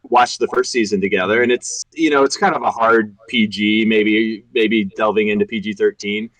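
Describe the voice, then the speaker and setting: A man's voice: fairly low pitch, steady tone, normal speed, a bit bright, no room sound, rough recording. A man in his thirties, a guest voice actor chatting earnestly on a podcast and laughing easily. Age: 30s. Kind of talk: casual podcast chat.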